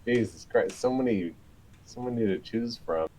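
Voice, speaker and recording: A man's voice: medium pitch, moderate pace, warm tone, slight background noise. A man joking bluntly and swearing casually over voice chat during a game raid. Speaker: raid member.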